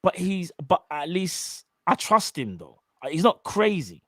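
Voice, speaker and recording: A man co-hosting a live fan show, talking in a joking, emphatic, animated way. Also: sits high, measured pace, no echo, studio quality. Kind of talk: casual live-stream chat. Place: home studio.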